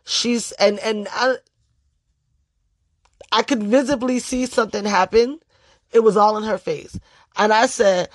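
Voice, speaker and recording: Brief: a profane, emphatic storyteller talking straight to camera at a mid pitch, with a dry, close sound. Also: normal speed, long pauses, dry recording. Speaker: storytelling vlogger. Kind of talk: casual storytime monologue.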